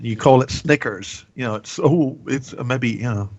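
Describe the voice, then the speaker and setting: A man's voice: medium pitch, normal speed, darkish tone, no echo, highs cut off. A man who is a guest on a radio show, bantering with sarcasm and teasing the host. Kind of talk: casual radio chat.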